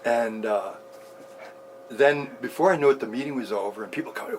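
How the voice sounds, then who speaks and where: A man in his sixties recounting a personal story in an interview, animated and often laughing as he talks. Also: medium pitch, normal speed.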